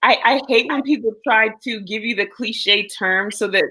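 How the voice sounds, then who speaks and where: A woman's voice: a little high, normal speed, sharp tone, husky, poor audio. Earnest woman reassuring a friend. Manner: earnest, reassuring, talks at length. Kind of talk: casual supportive chat.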